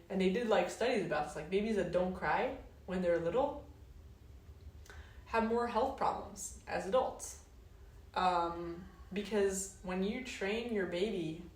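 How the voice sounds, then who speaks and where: A woman with a lowish voice thinks aloud in an unhurried, searching way, stretching words and letting phrases trail off softly. She sits back from the mic, and the room rings around her. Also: distant mic. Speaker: wellness host. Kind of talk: reflective casual monologue. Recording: roomy, mic set back.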